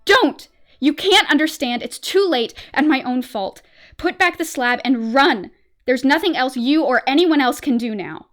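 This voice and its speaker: A woman reading aloud and voicing a panicked young man trapped underground, begging his friend to flee, shouting and then whispering in hopeless resignation. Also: a little high, fairly even intonation, a little slow, pauses often. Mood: desperate shouting.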